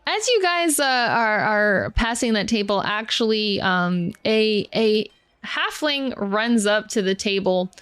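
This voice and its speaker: A woman running a tabletop game as dungeon master, narrating in a casual, giggly, halting way. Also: medium pitch, lively intonation, a bit bright, clear, resonant tone, no echo.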